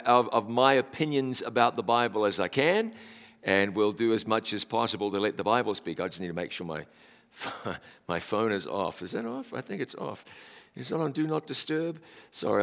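A man's voice: lowish voice, gravelly, a bit bright. A man in his forties with a New Zealand accent, giving a chatty, self-deprecating sermon in a church. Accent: New Zealand, slightly Americanized. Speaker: pastor. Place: church hall. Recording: reverberant church hall.

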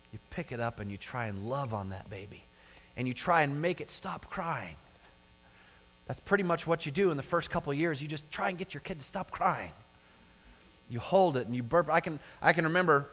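A middle-aged man preaching a sermon to a congregation, telling stories and asking the listeners questions. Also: medium pitch. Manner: storytelling, animated, addresses the congregation with questions. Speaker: pastor. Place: church sanctuary. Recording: long hall reverb.

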